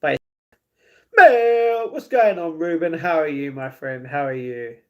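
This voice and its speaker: A man's voice: on the high side, unhurried, dull audio. A British man streaming live, rambling casually and answering messages from his chat.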